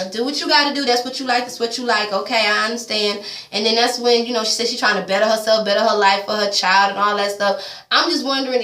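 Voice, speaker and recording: A woman's voice: mid-range voice, a bit bright, distant mic. Blunt, chatty woman in an echoey room. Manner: blunt, profane, chatty commentary with frequent asides. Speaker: TV recap vlogger. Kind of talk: casual reality TV recap. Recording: echoey room, voice away from mic.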